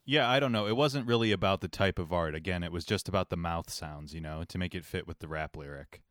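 A man's voice: deep voice, fast talker, a bit bright, no echo, studio quality. A man co-hosting a podcast in casual chat, easygoing and a bit sheepish. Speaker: podcast co-host.

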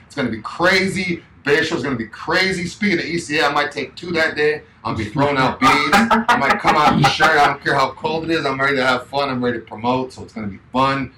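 A man's voice: fairly high pitch, fast talker, hardly any pauses, over music. A man co-hosting a casual talk show, speaking in an emphatic, rambling way. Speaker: co-host. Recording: roomy echo.

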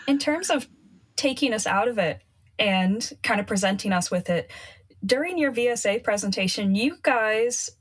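A woman hosts a relaxed conversation and asks her guest a question. Her voice is slightly husky and a little high. She talks in a plain, friendly way. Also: normal speed. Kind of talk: casual interview question.

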